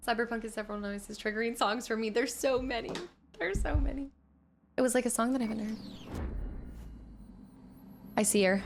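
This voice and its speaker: A woman streamer chatting through a game, thanking viewers and reacting loudly to the action. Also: fairly high pitch, slight background noise. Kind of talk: live gameplay commentary.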